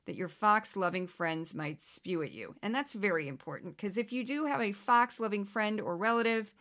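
Woman host, bright, crisp voice, animated and sarcastic, casual monologue. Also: medium pitch, moderate pace. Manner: animated, sarcastic, mimics others in exaggerated voices. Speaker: podcast host.

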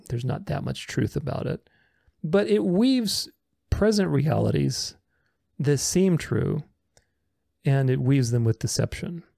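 A man's voice: medium pitch, creaky, warm tone, no room sound, studio quality. A man giving casual video commentary, reading viewer comments aloud and rebutting them in a sarcastic, argumentative way. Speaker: religious commentator responding to comments.

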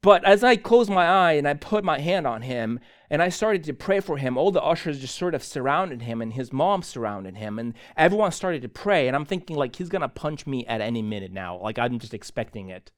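A man preaching a sermon as a pastor, telling a story in an animated way and often correcting himself mid-sentence. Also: on the high side, fairly quick, hardly any pauses, clear, resonant tone. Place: church.

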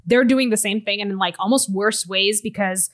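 A woman co-hosting a podcast in casual chat, animated and profane, often laughing. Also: medium pitch, normal speed, no room sound, studio quality. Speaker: podcast co-host.

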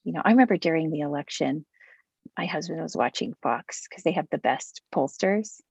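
A woman's voice: low-pitched, expressive, fairly quick, vocal fry, a little mellow, slightly rough, no echo. A middle-aged woman being interviewed, talking candidly and joking, with plenty of fillers and laughs. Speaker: interview guest. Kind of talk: casual conversation.

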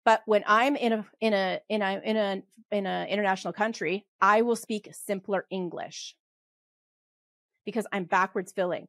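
A middle-aged woman with a Western Canadian accent, chatting as a podcast guest. She talks quickly and animatedly, laughs easily and keeps restarting her sentences, at a medium pitch. The sound is close and dry. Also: creaky, no room sound. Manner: fast, animated, laughs often, many restarts. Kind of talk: casual interview talk.

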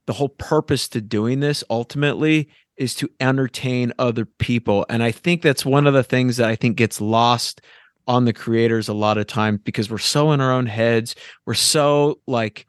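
A man's voice: medium pitch, normal speed, dry recording, studio quality. A man hosting a podcast as a fellow comic artist, talking emphatically and bluntly, with frequent swearing. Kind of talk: casual podcast chat.

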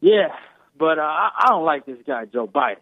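A man's voice: on the high side, expressive, normal speed, no room sound. A man calling in to a talk show, laid-back and repeating himself, over a phone line. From Detroit area. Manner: laid-back, repeats "you know what I'm saying". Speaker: caller.

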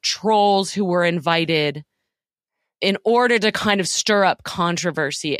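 A woman's voice: fairly low pitch, fairly bright tone, no room sound, clean studio sound. A woman co-hosting a podcast in casual chat, blunt and sardonic, swearing freely. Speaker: podcast co-host.

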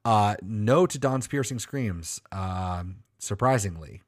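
Male podcast co-host, lower voice, dry studio read, rambling and joking. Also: lively intonation, takes it slowly, dry recording. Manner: rambling, joking, swears freely. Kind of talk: casual chat.

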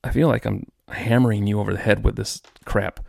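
Gravelly frustrated male podcaster. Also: on the low side, fairly even intonation, brisk, a little mellow, dry recording. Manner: frustrated, rambling with restarts. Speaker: podcast host. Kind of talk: solo podcast rant.

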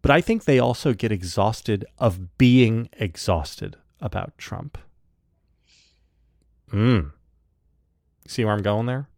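A man's voice: on the low side, lively intonation, takes it slowly, long pauses, a little mellow, no room sound, studio quality. A man co-hosting a podcast in casual political chat, wry and emphatic, building his points aloud. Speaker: podcast co-host.

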